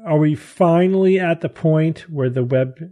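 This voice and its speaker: Mellow man hosting a science chat. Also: fairly high pitch, measured pace. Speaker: podcast host.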